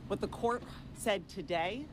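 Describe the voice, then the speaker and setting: A woman lawyer giving a press statement in a firm, measured, formal manner. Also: mid-range voice, noisy background.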